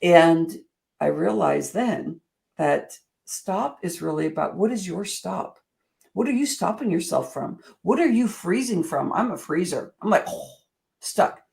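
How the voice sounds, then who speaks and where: A woman giving an earnest, expressive motivational talk as a coach, moving between soft, slow passages and lively emphatic ones. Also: on the low side, vocal fry. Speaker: speaker and coach.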